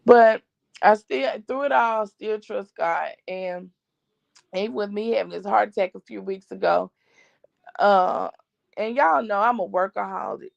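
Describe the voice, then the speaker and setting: A woman's voice: mid-range voice, measured pace, creaky, dry recording. A middle-aged woman hosting a family channel, chatting to viewers and retelling what people said to her in a long story. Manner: chatty, retells others' words with "I said, he said". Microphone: streaming setup. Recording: dull lo-fi dry stream audio.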